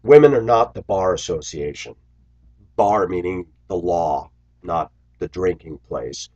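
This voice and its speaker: A man's voice: low voice, expressive, a little slow, a little mellow, lo-fi sound. A man vlogging to his viewers in a bitter, sarcastic, preachy rant. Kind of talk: ranting to camera.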